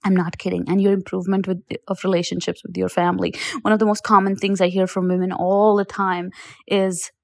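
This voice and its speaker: A woman's voice: mid-range voice, little pitch movement, brisk, darkish tone, no echo, clean studio sound. A woman confidence coach giving motivational advice in a podcast voice note, direct and encouraging, repeating her points for emphasis. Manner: encouraging, addresses listener as you. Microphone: recorded as a voice note.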